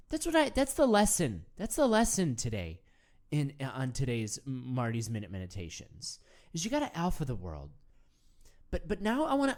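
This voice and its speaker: In this improvised comedy monologue, a woman hosts a meditation show as a rambling, sincere male self-help guru who keeps stammering and starting over. Her voice is on the low side and a little mellow.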